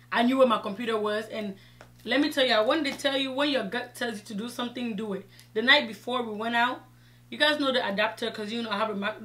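A woman beauty vlogger chatting casually while doing her makeup, retelling a story with lively quoted dialogue. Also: medium pitch.

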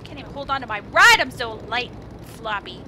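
A woman streaming a video game and giving casual commentary, excitable and giggly, playfully trash-talking her opponents. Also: fairly high pitch, fairly quick, noisy background. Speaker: gaming streamer. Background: game music.

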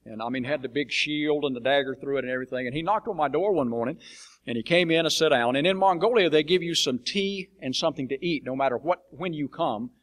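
A man's voice: on the high side, fast talker, a bit bright. A man speaking as a missionary preacher, telling plain-spoken stories to a church congregation with a blunt, folksy manner and frequent fillers. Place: church sanctuary.

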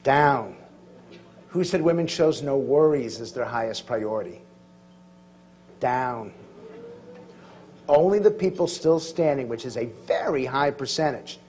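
Man, middle-aged, witty public speaker, live audience, large hall, faint background hum. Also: mid-range voice. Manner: quick-witted, teasing the crowd with jokes and questions. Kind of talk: lively luncheon speech to an audience.

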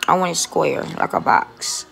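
Woman vlogger, low gravelly voice, rambling, foul-mouthed, phone mic, faint music. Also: big pitch swings, unhurried, fairly bright tone. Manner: chatty and rambling, swears often. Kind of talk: casual phone vlog. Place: dentist office. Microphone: phone held close.

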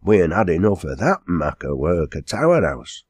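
A sturdy, hurried quarryman played by a man with a broad Lancashire dialect. He talks bluntly in a low voice. The sound is dry and close. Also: big pitch swings, darkish tone, husky, no echo, full character voice.

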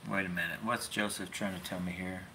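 Speaking fairly quickly in a low voice with fairly even intonation, this man has a bright, forceful tone, and there's slight background noise. As host of a fishing channel, he chats casually into his phone on a livestream, rambling folksily with wry remarks.

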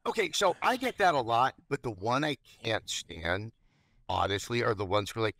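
A man guesting on a casual podcast, who talks in a self-mocking, halting way with many restarts. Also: medium pitch, lively intonation, fairly bright tone.

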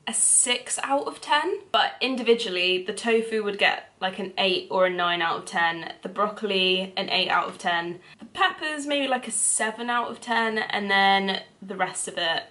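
A young woman with a London accent, chatting casually to camera in a cooking vlog, animated and full of quick asides. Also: medium pitch. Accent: London English. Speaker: vlogger.

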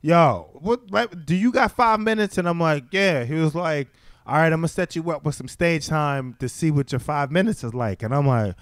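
A stand-up comedian tells stories in casual conversation, animatedly acting out the voices of the people he quotes. His voice is a little high and moves at normal speed. It's recorded on a studio mic with no room sound.

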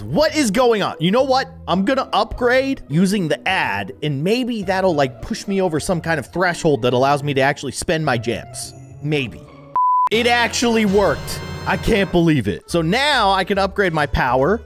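Young man, gaming commentary, playful, lively pitch swings, slightly high voice, faint music behind. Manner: playful, jumps between loud excitement and mumbled asides. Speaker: gaming YouTuber. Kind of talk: let's play commentary.

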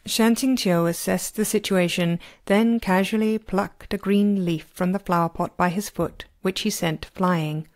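A woman narrates a novel as an amateur audiobook reader. She reads expressively, speeding up and slowing down with the action. Her voice is mid-pitched and plain. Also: steady tone, darkish tone.

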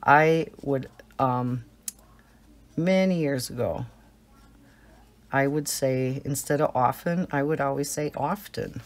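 A middle-aged American woman with a slight Southern twang and a cold, chatting and giggling as she tells stories while coloring. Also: rumbling low. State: has a cold. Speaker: coloring channel host. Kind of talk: casual chat while coloring.

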